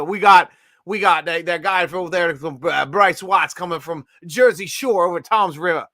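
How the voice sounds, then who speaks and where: A man's voice: high-pitched, normal speed, bright, forceful tone, dry recording. A man hosting a casual sports draft show, joking and rambling, laughing often. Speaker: podcast host.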